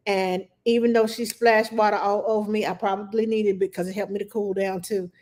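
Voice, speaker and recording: Woman, nanny, casual livestream chat, lively storytelling, mid-pitched voice. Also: a little fast. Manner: animated storytelling, acts out her own past thoughts.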